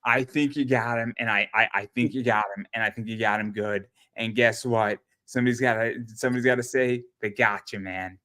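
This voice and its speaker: A man's voice: medium pitch, steady tone, a little fast, hardly any pauses, bright, forceful tone. A man hosting a casual talk show, rambling and swearing, often repeating his words. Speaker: podcast host. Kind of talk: casual chat.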